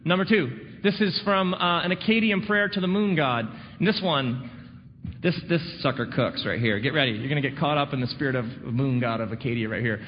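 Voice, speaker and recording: A man preaching a sermon, sardonic and full of dramatic pauses. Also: a little high. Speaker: pastor. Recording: dull recording in a reverberant hall, faint noise.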